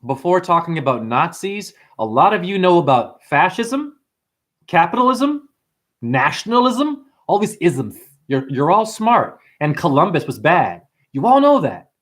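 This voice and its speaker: A man hosting a livestream and ranting preachily at his viewers, swinging between hushed asides and loud outbursts. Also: on the high side, big pitch swings, unhurried. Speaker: livestream host and numerology teacher.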